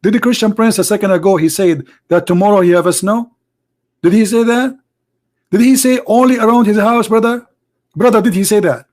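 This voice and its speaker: A man voicing a mocking caricature of an excited Muslim man who keeps asking "brother, did he say that?" in a raised voice. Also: high-pitched, brisk, voice pushed up, natural voice. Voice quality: raised, insistent repeated "brother".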